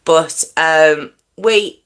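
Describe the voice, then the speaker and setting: Bright-voiced woman chatting on a livestream. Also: smooth. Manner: chatty, warm to viewers, quick pitch jumps when teasing. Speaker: true crime livestream host. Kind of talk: casual live chat reading comments.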